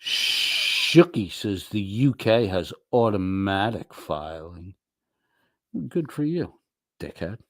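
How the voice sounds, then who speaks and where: A man's voice: sits low, lively intonation, slow, no echo, clean studio sound. A man hosting a livestream, reading viewer comments aloud and answering them in a crude, mocking, profane way. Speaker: livestream host.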